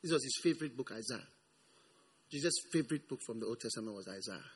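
A man preaching a sermon with emphasis, repeating words and swinging from hushed reading to shouted lines. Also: medium pitch, animated, fast talker, slightly rough. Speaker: pastor.

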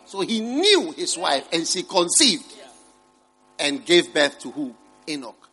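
A middle-aged man preaching a sermon, rising to loud emphatic peaks and dropping to low murmured asides. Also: sing-song, slow pace, husky. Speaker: pastor.

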